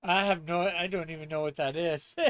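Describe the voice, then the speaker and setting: A man's voice: high-pitched, very animated, measured pace, a bit bright, dry recording. A man hosting a casual live stream, reading chat aloud and laughing often. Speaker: streamer host.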